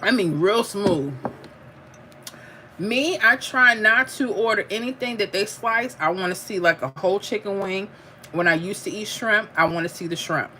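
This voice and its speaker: A middle-aged woman who talks easily and laughs often, drawling "honey" and "y'all" as she chats with viewers. Her voice sits at an ordinary pitch. It is a phone recording in a home kitchen with faint room noise behind her. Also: moderate pace, pushed and bright. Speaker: livestream host. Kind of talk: casual livestream chat while eating.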